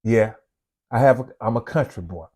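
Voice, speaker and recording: Here a man's medium-pitched voice comes across dark and slightly rough at a moderate pace. A Southern US police officer, he hosts his own channel and talks to the camera in a folksy, casual way. He's conversational and says things more than once.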